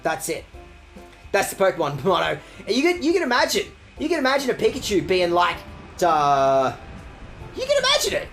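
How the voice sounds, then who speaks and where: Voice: wildly swooping pitch, quick pace, fairly bright tone, faint music behind. A streamer giving casual, rambling let's-play commentary, swearing and mocking themself. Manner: rambling, crude, self-mocking jokes, swinging pitch. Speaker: game streamer.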